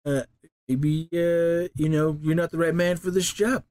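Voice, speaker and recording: A man playing a tabletop game, teasing and joking with the game master and laughing often. His voice sits a bit higher than most men's. The recording is dry. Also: steady tone, measured pace, darkish tone, no room sound. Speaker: player.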